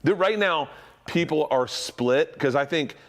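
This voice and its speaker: A middle-aged man co-hosting a podcast in casual chat, an animated storyteller who swears freely. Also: on the high side, unhurried. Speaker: podcast co-host.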